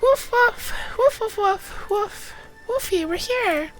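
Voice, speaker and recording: A woman doing an eager little puppy's high woofs. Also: takes it slowly, soft background music, heavily acted. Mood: excited. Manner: high excited woofing. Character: small eager puppy barking.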